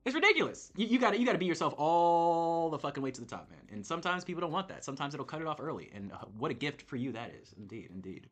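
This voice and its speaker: A man's voice: on the high side, animated, very fast, hardly any pauses, fairly bright tone, soft background music. A man streaming live, rambling casually to his chat with repeats and swearing. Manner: rambling, repetitive, profane.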